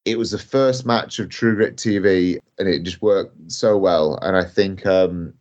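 A low-pitched young man tells a story on a podcast. He rambles, full of filler words and chuckles. The sound is muffled and lo-fi. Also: a little slow, darkish tone. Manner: rambling, lots of fillers, laughs while telling. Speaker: guest wrestler. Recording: dull lo-fi audio.

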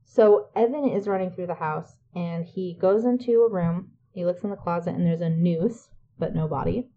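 A woman's voice: lowish voice, moderate pace, phone-quality sound. A woman co-hosting a podcast, recapping a movie in casual, chatty talk, swearing and joking. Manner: chatty, swears freely, laughs and jokes. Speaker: podcast co-host.

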